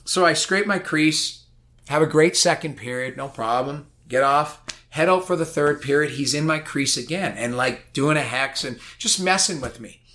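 Bright, animated male storyteller. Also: on the high side, moderate pace. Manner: animated, rambling anecdote with lots of "like". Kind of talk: casual storytelling.

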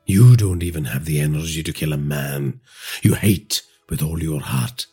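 A man reading a crime audio story and voicing a hardened, grim middle-aged father who speaks low and bluntly. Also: normal speed, mellow, husky, soft background music, exaggerated voice.

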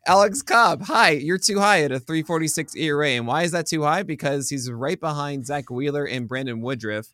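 A man co-hosting a casual podcast, joking around and trailing off quietly at the ends of his thoughts. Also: on the high side, brisk, few pauses, no echo, studio quality. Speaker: podcast co-host.

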